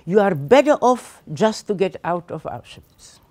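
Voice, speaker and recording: A woman's voice: medium pitch, big pitch swings, a little slow, a little mellow. An older woman quoting a stern female camp guard in a curt, commanding way while telling her story. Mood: firm, coaxing.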